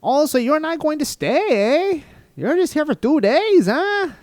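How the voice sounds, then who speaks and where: A man putting on a shrill Canadian border lady. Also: big pitch swings, measured pace, a little mellow, dry recording, studio quality, exaggerated voice. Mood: quizzical. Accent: Canadian, exaggerated. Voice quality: high falsetto, exaggerated "eh" and "huh" tags. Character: chirpy female Canadian border officer.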